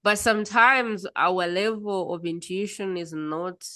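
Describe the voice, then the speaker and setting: A woman's voice: mid-range voice, steady tone, a little slow, sharp tone, no room sound, studio quality. A woman hosting a podcast interview, telling stories in a chatty way and murmuring along as she listens. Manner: chatty storyteller, frequent murmured mm's. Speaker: podcast host. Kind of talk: casual interview chat.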